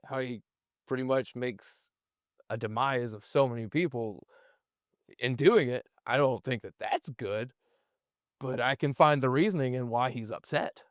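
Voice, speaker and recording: A man who acts, speaking as a guest on a casual podcast. His voice sits in an ordinary middle pitch, recorded dry and close. He rambles thoughtfully and often restarts his sentences. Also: no echo. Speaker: actor guest.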